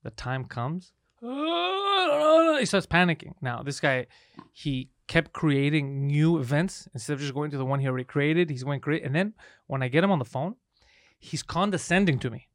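A man co-hosting a podcast, telling stories quickly and profanely and acting out what people said. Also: mid-range voice, no echo, studio quality. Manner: fast, profane storytelling with acted-out quotes. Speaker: podcast co-host. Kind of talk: casual podcast banter.

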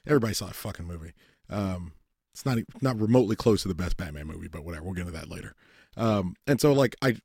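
A man's voice: lowish voice, husky, no room sound, clean studio sound. A man telling a rambling, profane story in casual chat, often quoting people in put-on voices. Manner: rambling storytelling, heavy swearing, animated quoted voices. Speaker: podcast host.

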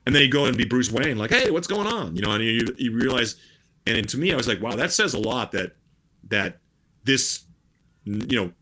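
A man's voice: mid-range voice, expressive, a little fast, sharp tone. A middle-aged man chatting casually as a podcast guest, rambling with many restarts and fillers. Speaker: guest musician.

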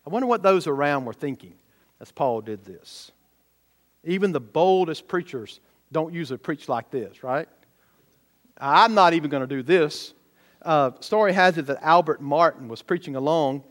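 A man's voice: fairly high pitch, a bit bright. A man preaching a sermon, emphatic and often putting rhetorical questions to the congregation. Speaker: pastor.

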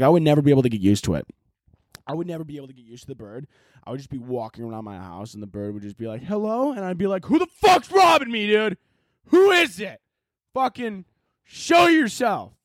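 A man hosting a solo podcast in casual chat, profane and rambling, mocking himself and jumping into loud, overdone voices to act out scenes. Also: mid-range voice, dry recording, clean studio sound. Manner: jumps to loud exaggerated voices when acting out scenes. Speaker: podcast host.

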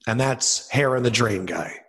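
A man's voice: mid-range voice, expressive, normal speed, fairly bright tone. A man hosting a podcast, joking and riffing in casual chat over a video call. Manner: playful, riffing jokes, laughing. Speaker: podcast host.

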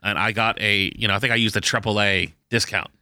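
Low, very bright-toned rambling male co-host. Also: steady tone, quick pace, dry recording, clean studio sound. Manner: rambling, filler-heavy storytelling. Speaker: podcast co-host. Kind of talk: casual chat.

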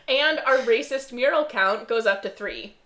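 A woman's voice: a little high, lively intonation, slow pace, a bit bright, roomy sound. A young woman co-hosting a podcast, talking loosely and laughing easily. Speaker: podcast co-host. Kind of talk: casual chat.

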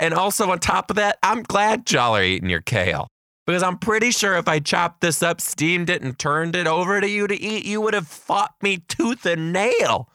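Bright, animated male podcast host. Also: sits high, dry recording, clean studio sound. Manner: animated, jokey, with voiced quotes of kids. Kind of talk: comedic storytelling podcast.

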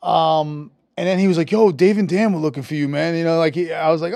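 A man, a metal musician guest telling an animated, profane story in a casual interview, raising his voice when quoting people. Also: a little high, normal speed, dry recording, studio quality. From New York. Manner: animated, profane, acts out quotes with a rising voice.

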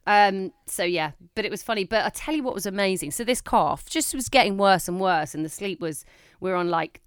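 Woman in her 30s chatting on a podcast, clear smooth voice, dry sound. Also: brisk, dry recording. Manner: animated storytelling, acting out quotes with big pitch jumps. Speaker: podcast co-host. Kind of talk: casual chat.

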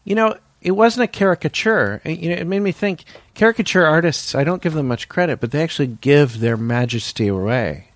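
A man's voice: fairly high pitch, lively intonation, a little fast, hardly any pauses, no echo, studio quality. A man co-hosting a comedy podcast, playfully riffing and resetting the scene for listeners. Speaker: podcast co-host. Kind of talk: improvised comedy chat.

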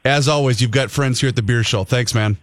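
A man's voice: mid-range voice, a little fast, dry recording. A man hosting a casual radio talk show, chatty and rambling with many restarts. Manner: rambling, lots of restarts and fillers. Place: radio studio.

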